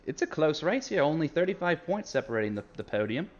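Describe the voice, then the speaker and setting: A man's voice: a little high, sing-song, fast. Upbeat guy co-hosting a race stream, laughs a lot, hams it up, kinda muffled mic. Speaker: race commentator. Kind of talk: casual stream commentary. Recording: slightly lo-fi mic.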